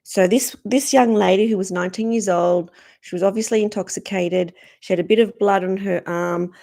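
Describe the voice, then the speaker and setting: A woman, a spiritual speaker, earnestly recounting a personal story in a gentle, reflective way. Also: mid-range voice, vocal fry. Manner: earnest, gentle, acts out quoted dialogue.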